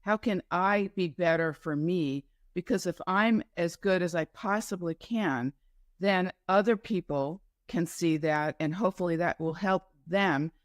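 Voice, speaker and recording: A New York woman with a lowish voice speaks as a guest entrepreneur in a casual interview, recorded dry with clean studio sound. She tells her story in a meandering way, full of asides and self-corrections.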